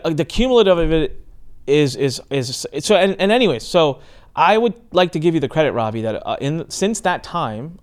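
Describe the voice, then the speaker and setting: A podcast host in his forties, a man who tells stories with animated energy and slips into quoted voices. His voice sits at an ordinary middle pitch. He talks in a loose, conversational way. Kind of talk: casual interview intro.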